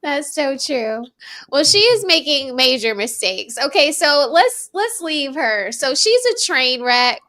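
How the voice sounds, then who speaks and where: A woman hosting a casual podcast chat, with a higher, bright and forward voice. She talks slowly and unhurriedly, filling pauses with "like" and "um". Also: sing-song. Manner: leans on "like" and "um", giggly. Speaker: podcast host.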